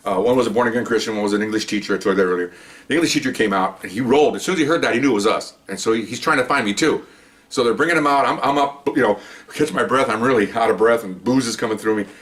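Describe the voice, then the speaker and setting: Fast-talking man telling cop stories. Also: on the low side. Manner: rambling, animated, often checks in with "okay?". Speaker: retired police officer telling stories. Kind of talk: casual spoken storytelling.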